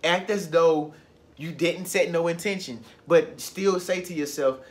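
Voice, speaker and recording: Man, high voice, casual motivational vlogger who repeats key phrases. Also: unhurried. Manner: loose, conversational, repeats phrases for emphasis. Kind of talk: motivational talk to camera.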